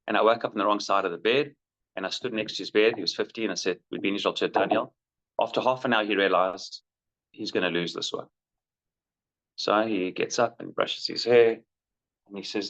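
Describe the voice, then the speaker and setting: A middle-aged man tells candid stories about his son in a conversational way, his voice low and a little fast, growing livelier whenever he quotes someone. The recording is muffled and lo-fi.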